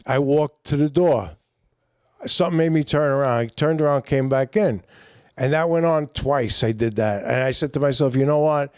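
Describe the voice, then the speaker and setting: A man's voice: medium pitch, moderate pace, a little mellow, clean tone, no echo, studio quality. Older New man, rambling storyteller. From New York. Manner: rambling, profane, acts out quoted voices. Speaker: podcast guest, comedian. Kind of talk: casual storytelling chat.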